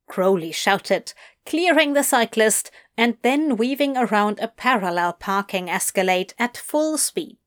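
A woman reading a story aloud as narrator, wry and measured. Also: fairly high pitch, animated.

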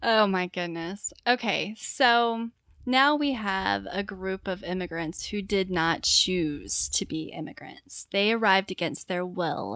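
A woman's voice: lowish voice, a bit bright, no echo, studio quality. A woman co-hosting a casual podcast who reads history aloud and playfully teases her co-host. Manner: playful, teasing, laughs often.

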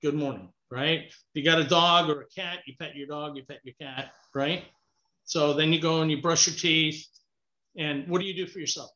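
An interview guest gives casual, encouraging advice, often repeating himself and saying "you know." His slightly high voice has a steady, sharp tone at normal speed, and the recording sounds dull and lo-fi.

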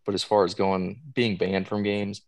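A man co-hosting a podcast, telling a story in relaxed casual chat with frequent fillers. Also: lowish voice, moderate pace, no echo. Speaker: podcast co-host.

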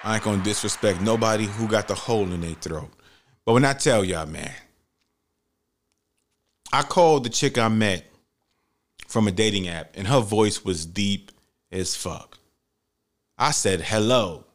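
A man hosting a solo podcast, telling stories in a profane, animated way and acting out the people he quotes. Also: lowish voice, measured pace, pauses often. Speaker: podcast host. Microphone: studio mic with headphones.

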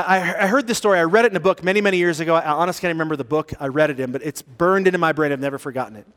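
A man preaching a sermon as pastor, telling stories with animated rises and hushed drops for emphasis. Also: on the high side, big-room sound. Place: church sanctuary.

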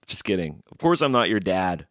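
A man with a very low, deep voice hosts his podcast alone, talking in a loose, rambling way, cracking jokes and swearing freely. He is drinking beer as he goes, and the sound is dry and close, with no room around it. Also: very animated, normal speed, fairly bright tone, no room sound. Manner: rambling, joking, swears casually. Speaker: podcast host. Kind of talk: casual solo podcast chat.

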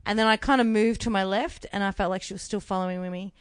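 A young woman with an Australian accent, co-hosting a casual chat and telling a story with animated swearing. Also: medium pitch, fast talker, clean tone, no room sound. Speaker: podcast co-host.

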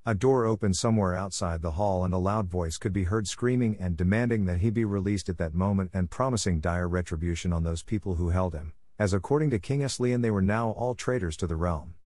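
A man narrating a fantasy audiobook in an even, measured reading. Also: low voice, dry recording, clean studio sound.

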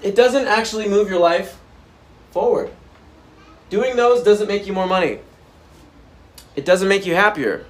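A man ranting to camera as a motivational vlogger, blunt and profane, with sudden loud bursts. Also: high voice, a little slow, long pauses. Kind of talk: unscripted motivational rant to camera. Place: indoors by a whiteboard. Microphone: camera framing him at a whiteboard.

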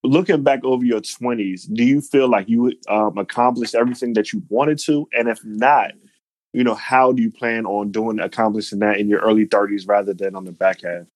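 A man's voice: lowish voice, fairly even intonation, a little fast, darkish tone, dry recording. A man co-hosting a podcast in casual chat, hype, laughing often and asking the questions. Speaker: podcast co-host.

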